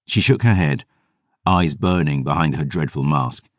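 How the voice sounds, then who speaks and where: A man doing measured, dramatic scripted narration for a fantasy audiobook. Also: very deep voice, lively intonation, dry recording, studio quality.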